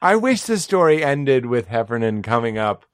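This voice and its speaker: A male comedian guest on a casual podcast, tossing in quick jokes and playful reactions. His voice is mid-pitched and dry, right up on the mic. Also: sing-song, no room sound. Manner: quick, jokey interjections.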